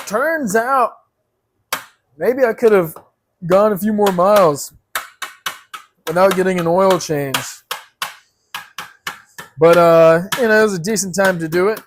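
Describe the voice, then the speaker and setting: A man's voice: high-pitched, slight background noise. A man hosting a home cooking show, joking and mocking himself as he rambles off topic. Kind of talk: rambling comic monologue. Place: home apartment kitchen.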